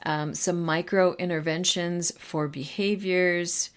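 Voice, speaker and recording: Middle-aged woman host with a slow, easy delivery, giving casual encouragement to teachers. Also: lowish voice, fairly even intonation, clean tone. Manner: conversational, with fillers and asides. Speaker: podcast host. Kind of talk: encouraging podcast talk to teachers.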